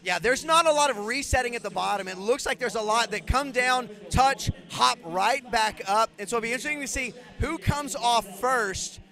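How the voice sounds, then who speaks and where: A man's voice: very high voice, normal speed, gravelly, hardly any pauses, sharp tone. A man commentating a live fitness competition, chatty and rambling, slipping into stories with many restarts. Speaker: event commentator.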